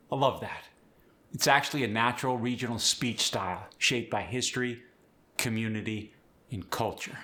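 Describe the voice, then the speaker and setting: A man coaching pronunciation in a clear, upbeat, instructive manner. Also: medium pitch, unhurried, sharp tone. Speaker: accent coach. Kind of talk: pronunciation tutorial.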